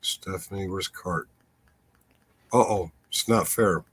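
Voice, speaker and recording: A man with a low, husky voice rambles wryly through a casual livestream chat. His pitch swings widely as he talks. The sound is dry and close to the mic. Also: slow, fairly bright tone, no room sound. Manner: rambling, self-interrupting, wry. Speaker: livestream host.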